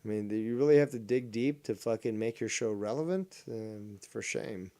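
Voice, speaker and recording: A man's voice: on the low side, normal speed, mellow. A man in casual stream chat, giving sarcastic, mocking commentary.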